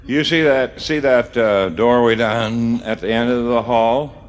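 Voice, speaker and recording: A man's voice: medium pitch, fairly even intonation, unhurried, close to an everyday voice. A male comedian voicing a bossy doctor who gives fussy instructions in a stand-up joke. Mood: instructing.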